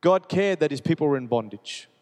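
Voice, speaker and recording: A man preaches with an earnest, repetitive cadence, now quiet and gentle, now pressing and urgent. His voice sits a little high for a man. The sound rings with the long reverb of a large church hall. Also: animated, a little fast. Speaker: pastor. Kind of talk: sermon with personal testimony.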